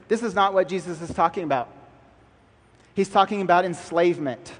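A man's voice: sits high, a little fast, big-room sound. A man preaching a sermon as pastor, emphatic and building through repeated lines.

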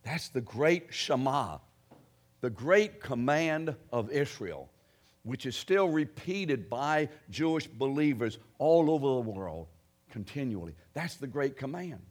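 A male preacher delivering a sermon in an emphatic way. He pushes key phrases out loudly and then drops low and quiet as he drives each point home. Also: expressive, slow pace. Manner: emphatic, rising to loud stresses then dropping low.

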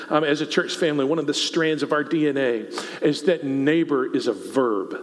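A man with a Texan accent preaching a sermon to his church, talking conversationally and asking the congregation questions. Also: a little high. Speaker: pastor. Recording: long reverb of a church hall.

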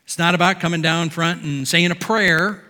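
Male pastor, sermon, bright forceful voice, slightly high, emphatic, long echoing hall reverb. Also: steady tone, normal speed. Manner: emphatic, rising to near-shouts and dropping low. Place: church sanctuary.

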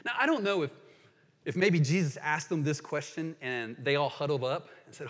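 A man delivers a sermon from the pulpit, his voice sitting a little higher than most men's. He speaks with earnest emphasis and leans into quoted passages, while a long reverb trails behind every phrase in the large room. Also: moderate pace, fairly bright tone. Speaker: pastor.

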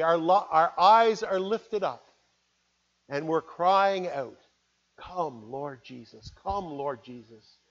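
A man preaching a sermon, earnest, moving between loud appeals and hushed, quiet words. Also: sits high, highs cut off. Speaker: pastor.

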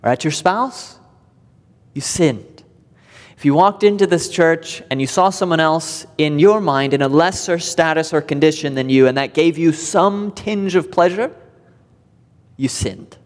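A man preaching a sermon to his church, emphatic and deliberate, repeating key words for weight. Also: on the high side, long reverb tail. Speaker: pastor. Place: church sanctuary.

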